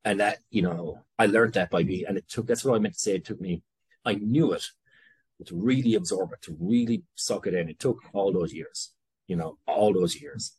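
Low-pitched and husky, a little mellow, this Irish man talks at a normal speed with no echo in the recording. As a guest entrepreneur in a conversational interview, he's frank, swears casually, and rambles while cutting himself off.

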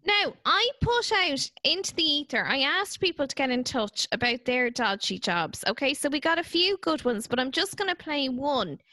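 An Irish woman hosting a podcast, chatting casually and telling stories with an animated, giggly manner. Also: sits high, moderate pace, few pauses, dry recording. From Ireland. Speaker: podcast host.

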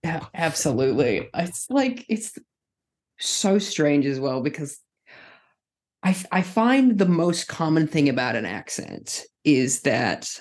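A woman from Minnesota, chatting casually on a comedy podcast in an animated, laughing way. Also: sits low. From Minnesota, USA. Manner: animated, laughing, swearing, trailing off. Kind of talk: casual chat.

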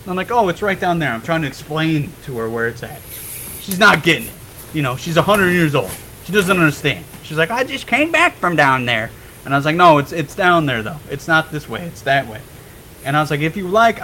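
Young man, casual podcast story, swears often, slightly high voice, faint background noise. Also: a little fast, poor audio. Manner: animated, swears freely, laughs while telling. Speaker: podcast guest.

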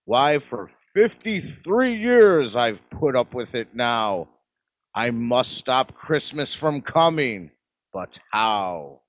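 A man's voice: mid-range voice, very animated, slow pace, dry recording. A man voicing the Grinch, a sour, scheming Christmas-hating creature who snarls and growls his lines in an amateur audio drama.

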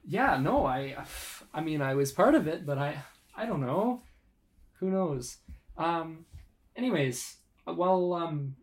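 A performer in an improvised comedy sketch who rambles along in easygoing slang. The pitch stays in an ordinary middle range. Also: animated, takes it slowly. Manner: loose, rambling, casual slang.

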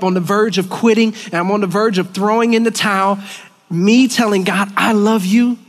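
Earnest man preaching in echoey church. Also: high voice. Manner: earnest, emotional, halting with restarts. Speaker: worship leader. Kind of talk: sermon. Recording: long church hall reverb.

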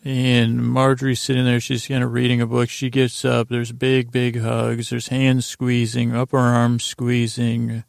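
A man's voice: medium pitch, monotone, measured pace, gravelly, hardly any pauses, dry recording, studio quality. A man hosting a podcast, casually recapping a TV episode in a rambling, conversational way. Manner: rambling, conversational, often restarting and retelling scenes. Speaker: podcast host.

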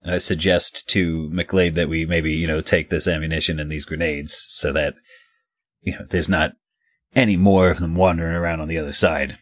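A man's voice: very deep voice, fairly even intonation, moderate pace, no echo, studio quality. A man playing his character in a tabletop role-playing game, hesitant and stammering, with a nervous edge. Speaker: player.

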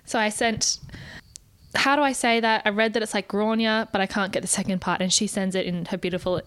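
A woman's voice: medium pitch, steady tone, brisk, a bit bright, smooth. Chatty woman podcast co-host. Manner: chatty storyteller, laughs often. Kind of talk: casual chat.

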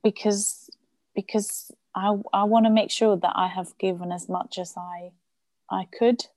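A woman guest speaking from her sofa at home, reflective and a little halting as she talks. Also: medium pitch, steady tone, a little mellow, no echo. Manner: reflective, halting with repeated restarts. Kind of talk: remote interview chat.

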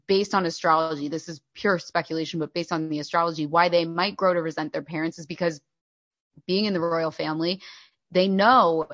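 A woman's voice: on the low side, steady tone, brisk, fairly bright tone, no room sound, dull audio. A woman co-hosting a podcast, blunt, opinionated and sarcastic in casual chat. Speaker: podcast co-host.

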